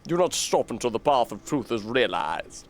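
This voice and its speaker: A zealous game cult leader, solemn and bossy, grand speeches. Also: male voice, mid-range voice, sing-song, moderate pace. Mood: commanding. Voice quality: solemn, proclamatory delivery. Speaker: cult leader giving orders. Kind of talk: video game voice acting. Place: game audio played on a stream.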